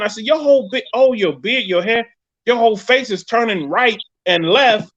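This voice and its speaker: A man with a New York accent hosting a live podcast, telling a story in a loud, profane, animated way. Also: high voice, fairly quick. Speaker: podcast host. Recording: dull lo-fi stream audio.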